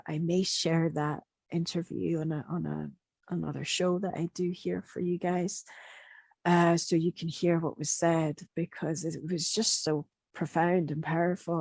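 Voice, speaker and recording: A woman with a low, husky voice speaks slowly and softly, pausing often and trailing into fillers as she recounts a healing session. The sound is close and dry, with no room around it. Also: no room sound. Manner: soft, gentle, hesitant with frequent fillers. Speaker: quantum healing practitioner. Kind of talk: reflective spoken monologue sharing channelled messages.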